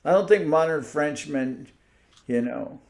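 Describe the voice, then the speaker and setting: Brief: male spiritual teacher, slow gravelly delivery, informal video-call talk, thinks aloud and hunts for words. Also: a little high, a little mellow. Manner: musing, searches aloud for words and names. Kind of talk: informal online talk to devotees.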